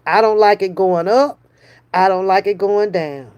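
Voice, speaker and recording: A woman hosting a live stream, chatting casually with viewers in a slow, drawn-out way, often brushing things off with a dismissive "mm-mm". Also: medium pitch, a little mellow, clear, resonant tone, muffled recording. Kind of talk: casual chat.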